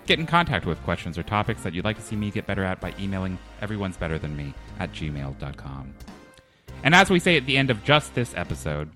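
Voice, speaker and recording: A man's voice: sits low, big pitch swings, quick pace, sharp tone, soft background music. A man hosting a comedy podcast, talking in a hesitant, dry comic way with many fillers. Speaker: podcast host.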